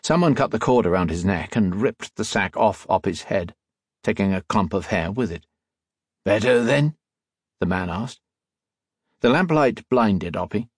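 Low husky male audiobook narrator. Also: no echo, studio quality. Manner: steady, measured storytelling.

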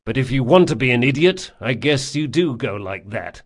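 Reader doing gruff burly thief: blunt, coarse, scolding, a touch raised. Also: male voice, medium pitch, lively intonation, normal speed, close to an everyday voice.

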